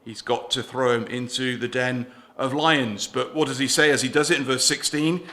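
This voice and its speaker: A male preacher delivering a sermon in a church. His voice is bright and forceful, at a middle pitch for a man. He speaks earnestly, poses questions to his listeners, and often lets his phrases trail off more quietly. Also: fairly even intonation, normal speed. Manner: earnest, asks the congregation questions, drops softer at line ends.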